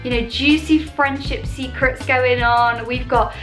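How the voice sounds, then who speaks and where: A woman's voice: high-pitched, fairly even intonation, a little slow, fairly bright tone. A young British woman chatting in a bubbly, self-deprecating way as she reacts to viewer confessions on her vlog. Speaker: YouTuber. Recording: echoey room with faint music.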